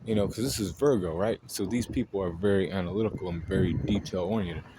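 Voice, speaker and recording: A man's voice: low voice, fast talker. A man hosting an astrology video, venting in a blunt, profane, exasperated way. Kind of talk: casual ranting monologue. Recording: noisy home recording.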